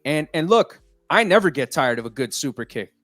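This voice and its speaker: A man's voice: fairly high pitch, big pitch swings, brisk, a bit bright, no echo. A man cohosting a wrestling podcast in casual, profane, mock-boastful panel chat. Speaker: podcast co-host.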